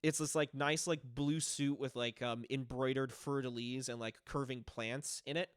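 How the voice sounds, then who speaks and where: A man narrating a tabletop game as game master, relaxed and full of fillers. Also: mid-range voice, normal speed, clean tone, no room sound, studio quality.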